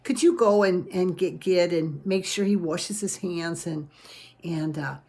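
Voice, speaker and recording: A woman voicing a gentle, loving mother in a read-aloud family story, speaking softly and tenderly. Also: on the low side, unhurried. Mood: calling.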